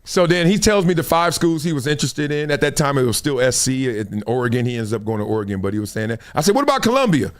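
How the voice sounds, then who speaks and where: Animated storytelling man from Los Angeles. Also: mid-range voice, fast, few pauses. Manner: animated storyteller acting out scenes, slangy. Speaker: host. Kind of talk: casual storytelling monologue.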